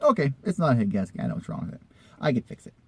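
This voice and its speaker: A man with a warm, mellow voice tells a personal story at ordinary pitch. He rambles and chats loosely, like he's talking to friends in a casual vlog, and throws in the odd swear word. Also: huge pitch swings, rapid-fire, vocal fry, slightly rough. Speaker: vlogger telling a personal story.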